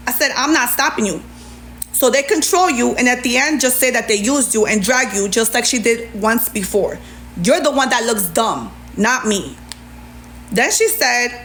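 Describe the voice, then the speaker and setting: A middle-aged woman with a fairly high voice, talking indignantly and sarcastically into her phone on a live stream. She reads out messages and fires back at them. A faint noise sits under her voice. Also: normal speed, a bit bright. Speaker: livestreamer. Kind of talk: heated TikTok live rant.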